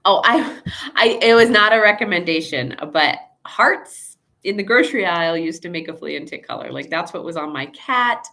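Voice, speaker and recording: A woman's voice: fairly low pitch, expressive, moderate pace, sharp tone. A woman veterinarian hosting a casual live Q&A, chatty and rambling, with asides and acted-out quotes. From Chicago area, USA.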